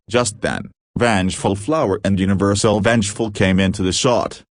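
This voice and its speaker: Low-voiced man reading a fan story. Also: normal speed, hardly any pauses, no room sound, studio quality. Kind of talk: amateur fan-story narration.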